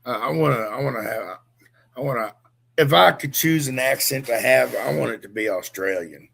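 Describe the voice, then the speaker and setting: A man's voice: medium pitch, normal speed, vocal fry, fairly bright tone, husky. A middle-aged man co-hosting a casual chat, rambling through laid-back stories with a dry mouth.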